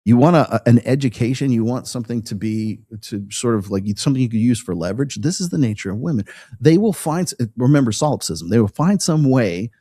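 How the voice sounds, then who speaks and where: A man with a husky, slightly rough voice, talking casually as a podcast host. His sound is dry and close, with no room around it. He speaks bluntly, swears freely, and keeps checking in with "right?" and "okay?". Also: medium pitch, animated, fast talker, mellow, dry recording. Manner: blunt and profane, tags lines with "right?".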